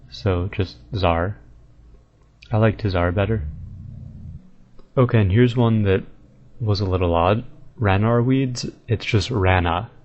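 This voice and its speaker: A man giving casual, relaxed commentary on a video game, thinking aloud and sounding out unusual names slowly. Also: fairly low pitch. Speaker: video game guide maker. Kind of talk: casual commentary over gameplay. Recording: dull lo-fi mic with faint hiss.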